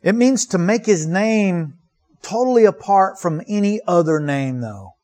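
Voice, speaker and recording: A man with a fairly high, bright-sounding voice preaches to his congregation. He is earnest and emphatic, leaning on rhetorical questions and repeating key words to drive each point home. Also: lively intonation, unhurried. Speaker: pastor. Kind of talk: sermon.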